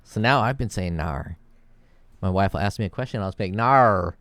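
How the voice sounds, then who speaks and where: A man with a low, smooth voice talks his way through a video game in a loose, rambling way. He thinks aloud, drifts into jokes and swears now and then. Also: expressive, quick pace, dry recording. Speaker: gameplay video creator. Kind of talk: casual gameplay commentary.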